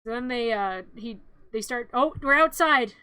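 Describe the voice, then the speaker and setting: A playful woman streamer recaps a film for laughs, wandering off into asides as she goes. Her voice is high and sharp, and it sounds close and dry. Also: unhurried, clean tone, no echo. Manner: playful, rambling, self-interrupting asides. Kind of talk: comic live-stream retelling of a film.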